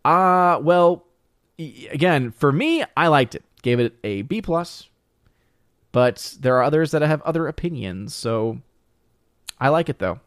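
A man's voice: a little high, lively intonation, a little slow, fairly bright tone, no echo, clean studio sound. A man hosting a casual livestream who reads viewer comments aloud and rambles with frequent restarts. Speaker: livestream host reading chat.

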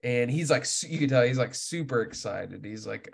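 Young Indiana man, podcast guest; lively storyteller who acts out quotes and laughs easily. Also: medium pitch, brisk, gravelly, few pauses. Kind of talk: casual storytelling chat.

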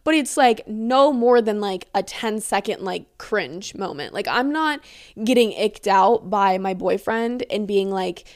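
A woman's voice: medium pitch, animated, measured pace. A young woman in her twenties hosting a podcast, chatting casually in a rambling, giggly way with lots of filler words and casual swearing. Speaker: podcast host. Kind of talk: casual chat.

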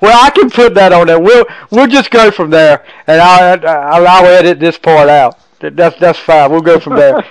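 An eager male podcast host speaks from his home, with frequent restarts. His voice is smooth and a little high. It is recorded dry and close, with no room sound. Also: normal speed, hardly any pauses, dry recording, poor audio. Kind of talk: casual interview. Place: home in a tiny town.

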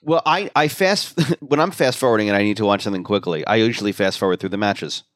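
A man co-hosting a podcast, chatting casually with stumbling, animated teasing. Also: fairly low pitch, fast talker, no room sound, clean studio sound. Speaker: podcast co-host. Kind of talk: casual chat.

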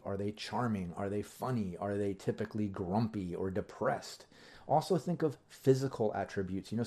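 A man who runs tabletop games, giving casual advice in a rambling, relaxed way full of ums and you-knows. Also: lowish voice. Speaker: game master giving tips. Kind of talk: casual instructional talk.

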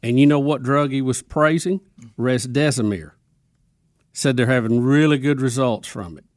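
A man's voice: medium pitch, normal speed, a little mellow, no room sound, clean studio sound. Wry male radio co-host. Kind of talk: casual call-in radio banter.

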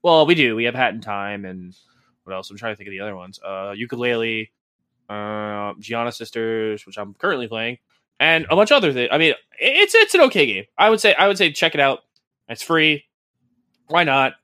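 A man's voice: medium pitch, big pitch swings, fairly quick, bright, forceful tone, no room sound, studio quality. A man co-hosting a casual podcast, rambling along with plenty of swearing and sarcasm. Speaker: podcast co-host.

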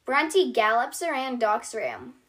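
A woman hosting a channel where she reads children's storybooks aloud in a gentle voice. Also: on the high side, big pitch swings. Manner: gentle, unhurried reading voice.

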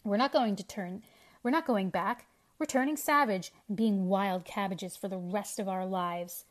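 A woman's voice: medium pitch, normal speed, natural voice. A woman voicing a group of defiant talking cabbages in a storybook reading. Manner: defiant, loud. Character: rebellious wild talking cabbages.

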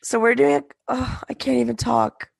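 Tired, congested woman co-host, gravelly and offhand, dry close recording. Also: on the high side, fairly even intonation, normal speed, no echo. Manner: groggy, offhand. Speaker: podcast co-host, bartender. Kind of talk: casual chat.

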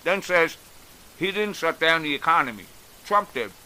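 A man's voice: fairly high pitch, animated, normal speed, sharp tone, rough recording. A man giving a blunt, exasperated opinion rant, swearing freely as he recaps and criticizes. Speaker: commentator. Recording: faint hiss.

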